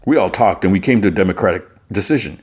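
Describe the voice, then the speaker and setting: A man's voice: sits low, expressive, racing, darkish tone, breathy edge. A man voicing a self-righteous man who lectures and shifts the blame, in a podcast recap. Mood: lecturing. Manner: preachy, lecturing.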